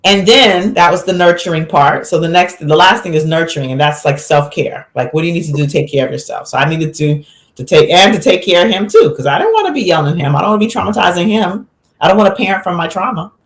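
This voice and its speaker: A woman physician, a guest on a podcast, telling a story with lively acted-out quotes in a relaxed conversational way. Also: fairly low pitch, fast talker, echoey room. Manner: animated storyteller, acts out quotes.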